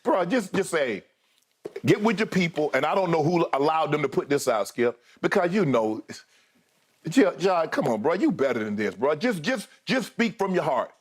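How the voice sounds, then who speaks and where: A man's voice: on the high side, very animated, normal speed, slightly rough. A man co-hosting a sports debate show, emphatic and repetitive, often calling his partner by name. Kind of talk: animated sports debate talk.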